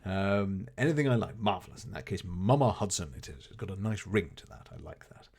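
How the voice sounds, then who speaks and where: A man streams a game live, greeting viewers and chatting genially as he plays, fond of exclamations like "goodness gracious." His low voice is animated, brisk, and a little mellow, with a breathy edge.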